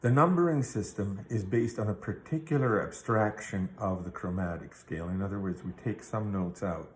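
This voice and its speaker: A man's voice: on the low side, moderate pace, echoey room, a little hiss or hum. A man teaching a guitar theory lesson, explaining patiently step by step and checking in with the listener. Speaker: music teacher.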